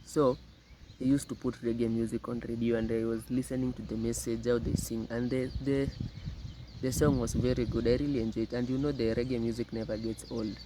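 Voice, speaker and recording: A man from Kenya hosting a reaction video, talking in an unhurried way and often repeating words. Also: medium pitch, little pitch movement, background noise. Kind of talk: casual commentary.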